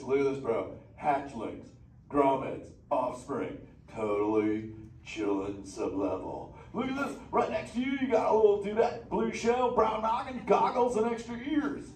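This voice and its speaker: A bouncy, laid-back surfer sea turtle, all dude-speak and playful teasing, with a high voice that swoops up and down. It sounds like an echoey theater recorded from far off, with noise underneath. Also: male voice, heavily acted. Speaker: live show character talking with the audience. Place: theater with a live audience.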